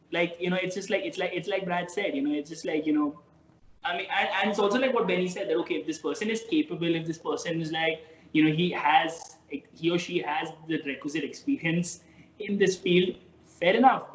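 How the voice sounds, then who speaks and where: A man from India, a podcast guest, talking in a rambling, halting way with many restarts in casual chat. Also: on the high side. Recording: dull, roomy podcast recording.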